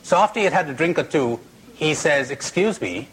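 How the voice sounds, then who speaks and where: A man's voice: fairly high pitch, animated, fairly bright tone, a little hiss or hum. A man giving a spoken talk, blunt and teasing, asking rhetorical questions and telling jokes. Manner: blunt, teasing, drawn-out delivery, tells jokes.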